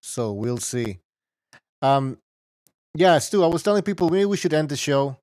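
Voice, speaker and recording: A man's voice: fairly high pitch, lively intonation, moderate pace, a little mellow, no echo, clean studio sound. A man hosting a boxing podcast, loose and joking as he steers the show. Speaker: podcast host. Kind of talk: casual boxing chat, wrapping up show.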